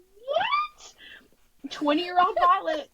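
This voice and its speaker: A woman's voice: very high voice, huge pitch swings, extremely slow, bright, forceful tone, a little hiss or hum, poor audio. A woman in her thirties co-hosting a podcast, chatty and self-deprecating as she discusses a book. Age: 30s. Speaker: podcast co-host. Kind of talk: casual book recap chat.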